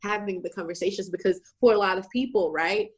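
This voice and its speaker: A woman's voice: medium pitch, brisk. A woman in her twenties hosting a casual chat, telling stories with animation and acting out the people she quotes. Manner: animated storyteller who acts out quoted people. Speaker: host.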